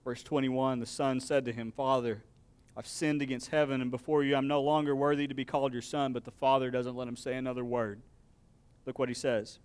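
A man preaching a sermon, reading scripture with acted-out dialogue and dropping to a soft, low voice to close his points. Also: level tone, normal speed, clean tone. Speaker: pastor.

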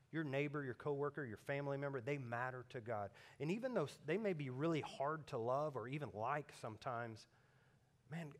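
A man preaching a sermon, animated in his stories and turning hushed and earnest when he appeals to his listeners. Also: medium pitch. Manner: animated storytelling, swings between loud emphatic peaks and hushed earnest appeals. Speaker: pastor.

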